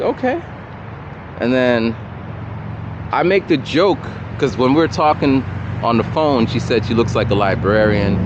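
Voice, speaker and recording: A man's voice: mid-range voice, background noise. A man telling a rambling personal story while walking outside, recorded on a camera mic without a separate mic. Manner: animated, rambling, repeats himself. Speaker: vlogger. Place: outdoors by a road with traffic. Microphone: camera or phone mic, no separate mic. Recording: dull lo-fi camera audio.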